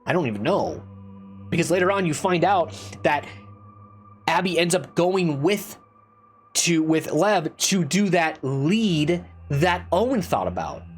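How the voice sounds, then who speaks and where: A man's voice: a little high, big pitch swings, measured pace, husky, faint music behind. A man giving a casual spoken game review, rambling and repeating himself with restarts and swearing, and getting exasperated as he complains. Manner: exasperated, rising into loud complaint.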